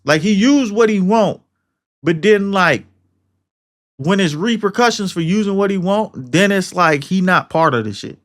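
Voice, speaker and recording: A man's voice: high voice, animated, measured pace, fairly bright tone. A young man co-hosting a podcast, ranting in a heated, profane, slangy and rambling way. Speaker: podcast co-host. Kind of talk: casual podcast rant.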